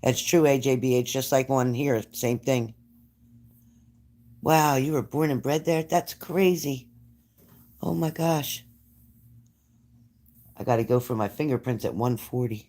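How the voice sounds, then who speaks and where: A man's voice: a little high, a little slow, long pauses, a little mellow. Chatty New man on a livestream. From New Jersey. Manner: chatty, reads out and answers viewer comments. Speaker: livestream host. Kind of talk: casual livestream chat with viewers.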